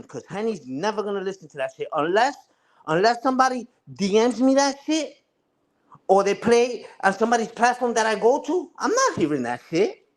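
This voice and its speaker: A man's voice: sits high, sing-song, moderate pace. A man ranting casually on a livestream, taunting and repeating himself. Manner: taunting, repetitive, says "respectfully" and "you heard".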